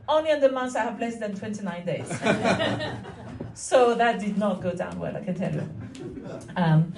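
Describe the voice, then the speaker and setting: On a comedy club stage, a Frenchwoman in her forties delivers a stand-up set full of wry, falsely innocent rhetorical asides, with laughter from the crowd behind her. Her mid-range voice comes through background noise, picked up by a distant mic in an echoey room.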